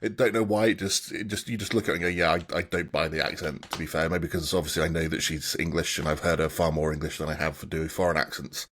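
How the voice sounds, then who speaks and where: Co-host, male, very deep voice, rapid casual delivery. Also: steady tone, fairly bright tone. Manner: fast, upbeat, hedging. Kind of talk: casual chat.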